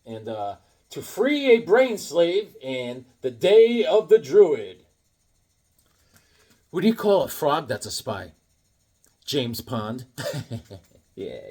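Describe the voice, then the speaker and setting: A man chatting casually on his vlog as he shows off new comics, rambling and excitable, throwing in corny jokes. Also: on the high side, breathy edge. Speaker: comic book collector showing new comics.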